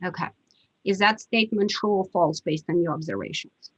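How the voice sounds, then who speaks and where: A woman attorney questioning a witness in a court hearing over a video call, measured and often pausing with fillers. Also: lowish voice, husky, no room sound. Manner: measured, hesitant with frequent fillers. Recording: dull dry video-call audio.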